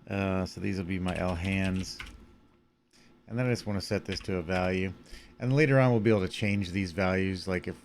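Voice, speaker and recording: Sleepy deep-voiced man, gravelly, rambling tutorial over faint room hiss. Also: fairly quick. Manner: relaxed and rambling, many fillers, yawning. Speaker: animation puppet creator. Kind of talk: casual screen-recorded tutorial.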